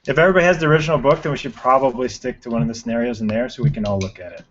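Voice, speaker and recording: A man's voice: medium pitch, rapid-fire, a bit bright, a little hiss or hum. A matter-of-fact man sorting out the plan in casual chat before a tabletop game. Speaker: player on a tabletop game podcast. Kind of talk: casual chat among friends. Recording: muffled lo-fi recording.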